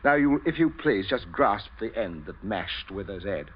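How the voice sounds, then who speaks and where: An actor playing a suave, chuckling father who calmly threatens a guest at gunpoint, in 1940s radio acting style. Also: fairly low pitch, normal speed, breathy edge. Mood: menacing. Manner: cheerful, chuckling, suave menace. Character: genial menacing man, calm murderer. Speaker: father of the household. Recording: dull old radio recording, faint hiss.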